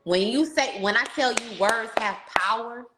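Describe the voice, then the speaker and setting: A woman hosting a casual podcast interview, telling stories in an animated, slangy way and talking to listeners as "y'all". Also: a little high, normal speed, echoey room, very noisy. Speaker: podcast host.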